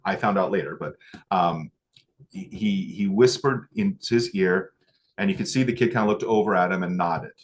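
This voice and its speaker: A man teaching acupuncture, telling a moving story from his training and getting choked up before returning to needling technique. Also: sits low. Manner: emotional, choked up at times; pauses with fillers and restarts. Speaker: acupuncture instructor. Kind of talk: teaching a class with a personal story.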